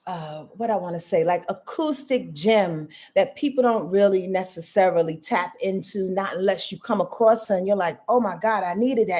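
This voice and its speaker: A woman, talking casually to her audience in a loose, chatty way full of fillers and asides. Her voice sits mid-range with a mellow, dark tone. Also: mid-range voice. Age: 50s. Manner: chatty, warm address to viewers with frequent fillers. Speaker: astrologer and host. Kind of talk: casual livestream talk.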